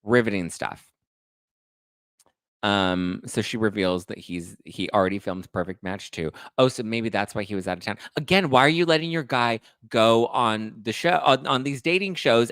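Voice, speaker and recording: A man hosting a podcast, gossiping about reality TV with sarcastic, animated commentary and mocking high-pitched quotes. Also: normal speed, no echo, clean studio sound. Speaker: podcast host.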